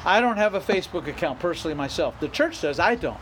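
A middle-aged man preaches in a high-pitched voice, driving his points home with repetition and rising emphasis. He speaks as a pastor delivering a sermon. A faint noise sits under the recording. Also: big pitch swings, quick pace, fairly bright tone, low-quality recording. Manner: emphatic preaching with repeated phrases and rising outbursts.

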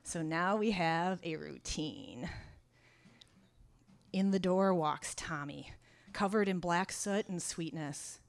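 A woman telling a personal story out loud, dry and wry, turning raw and intense as it goes. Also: on the low side, takes it slowly, vocal fry, long pauses. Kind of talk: first-person spoken storytelling.

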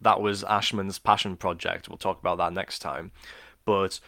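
A man's voice: low-pitched, flat delivery, normal speed, vocal fry, pushed and bright, no room sound, clean studio sound. A man co-hosting a podcast, explaining film history in a casual, informative way and joking often. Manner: informative, jokey, laughs often. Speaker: podcast co-host.

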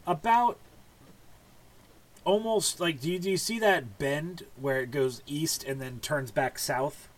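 A man narrating as game master in a relaxed, halting way with many fillers. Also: fairly high pitch.

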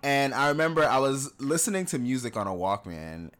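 A man's voice: medium pitch, fairly quick. Candid laughing man telling stories. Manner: candid, laughs often, animated when acting out others. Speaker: podcast co-host. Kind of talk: casual conversational storytelling.

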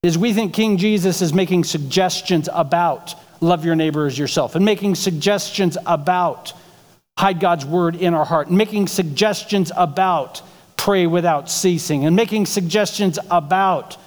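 A man with a high-sitting voice preaches a conversational sermon at a moderate pace, posing rhetorical questions to the congregation. The church sanctuary gives his voice a big-room sound.

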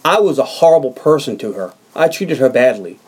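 A man playing a remorseful middle-aged man, low pitched, heavy and broken-down. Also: sing-song, a little fast, a little mellow, husky.

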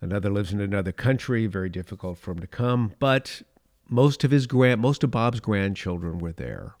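An older man hosting a devotional podcast, telling a family story in a relaxed way and reading scripture aloud slowly. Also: on the low side, no echo, studio quality. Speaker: podcast host.

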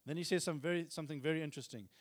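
A man with a slightly high voice races through a sermon, retelling scripture casually in everyday language and reading passages aloud with mounting force. The sound is clean studio quality with a long hall reverb.

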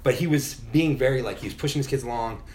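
A man's voice: medium pitch, fast talker, a little mellow. A middle-aged man telling a personal story in a casual podcast chat, candid and full of swearing. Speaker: podcast guest.

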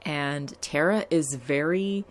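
Low-voiced woman, casual blunt chat. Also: slow pace, a little hiss or hum. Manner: candid, swears freely, restarts and fillers. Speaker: TV episode recapper.

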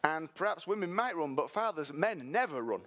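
Preacher telling a story. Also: male voice, fairly high pitch, moderate pace. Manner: lively, storytelling, directing a volunteer. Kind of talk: sermon with live re-enactment.

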